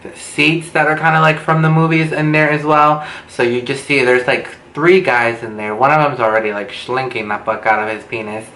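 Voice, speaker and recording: A man's voice: medium pitch, fairly even intonation, moderate pace, hardly any pauses, bright, forceful tone. Young man dramatically dishing a story. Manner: dramatic, gossipy, profane storytelling. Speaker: beauty vlogger. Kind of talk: casual storytime monologue. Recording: roomy with faint background noise.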